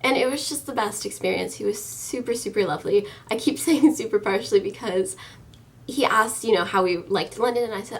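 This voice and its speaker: This is a young American woman in her early twenties, talking straight to her camera at home. Her voice sits at a middle pitch with a gravelly edge of vocal fry. She rambles happily, full of ums and likes. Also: fairly quick, far from the mic. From United States. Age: early 20s. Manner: chatty and enthusiastic, many ums and likes. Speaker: vlogger. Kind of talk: casual chat to camera.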